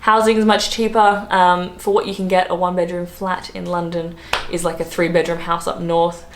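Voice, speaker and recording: A hungover Australian woman chatting casually to camera as a travel vlogger, full of fillers and quick laughs. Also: fairly low pitch, little pitch movement. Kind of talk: casual vlog chat. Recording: roomy echo, faint background noise.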